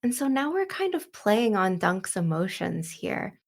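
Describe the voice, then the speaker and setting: A woman's voice: medium pitch, big pitch swings, measured pace, creaky. A woman hosting a book walkthrough, retelling the story in a loose, chatty way full of "like" and "you know.". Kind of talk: casual book commentary and retelling.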